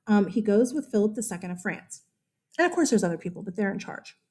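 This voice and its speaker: A woman's voice: medium pitch, lively intonation, fast, a little mellow. A woman history teacher giving a casual, chatty lecture, correcting herself and asking her students questions.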